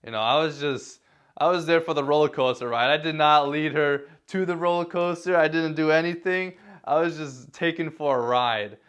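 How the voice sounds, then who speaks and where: Talking to camera at a moderate pace, a man with a fairly high pitch and a fairly bright, clean tone shares casual advice. He's self-deprecating, laughs softly now and then, and uses lots of fillers and restarts.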